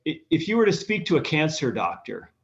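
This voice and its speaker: A man's voice: fairly high pitch, very animated, fairly quick, muffled recording. A man from the US South, a guest in an interview, explaining earnestly and restarting as he thinks. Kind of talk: conversational interview.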